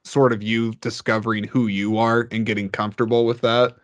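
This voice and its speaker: Animated man chatting on a podcast, dry sound. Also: fairly quick, no room sound. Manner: animated storyteller who jumps up in pitch. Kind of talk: casual podcast chat.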